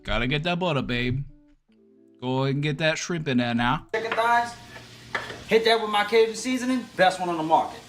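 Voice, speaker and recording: A man putting on a loud, cheerful Louisiana cook with a Creole-style accent, rattling off cooking steps in fast, hyped patter. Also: on the high side, echoey room, soft background music, voice pushed up, lightly acted.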